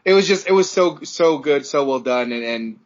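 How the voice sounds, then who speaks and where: A man's voice: fairly high pitch, animated, moderate pace. Earnest man, dull lo-fi audio. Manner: earnest, openly emotional. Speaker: podcast producer. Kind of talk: casual podcast chat.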